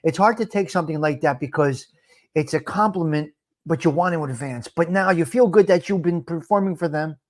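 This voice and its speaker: Reflective male host with a higher voice. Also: fairly quick. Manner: reflective, speaks from experience in repeated emphatic phrases. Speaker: podcast host. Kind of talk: casual talk show chat.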